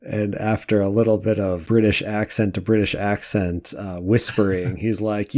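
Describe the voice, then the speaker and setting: A man with a lowish voice co-hosts a podcast in loose, casual chat. He jokes freely and laughs often, running his points together with a chatty ease. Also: little pitch movement, moderate pace, few pauses, a little mellow. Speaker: podcast co-host.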